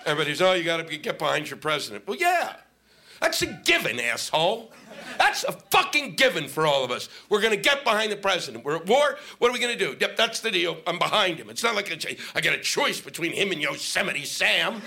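A man's voice: high-pitched, very animated, a little fast, vocal fry. Ranting, profane male stand-up comic. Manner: profane, ranting, shouting bursts. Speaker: stand-up comedian. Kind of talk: stand-up comedy set. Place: comedy stage before a live audience. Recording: live stage mic with noisy audience.

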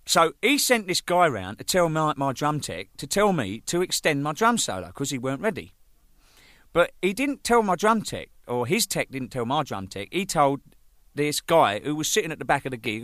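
Lively man swapping tour stories. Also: medium pitch, brisk, no echo, studio quality. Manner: swears freely, acts out the people in his stories. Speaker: drummer telling band anecdotes. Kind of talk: casual anecdotal storytelling.

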